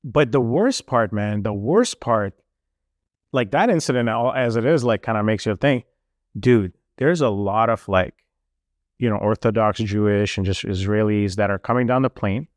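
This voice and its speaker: A young man telling a travel story in casual chat, animated and full of fillers. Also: lowish voice, moderate pace, no room sound, clean studio sound. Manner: animated, lots of fillers, mimics officials.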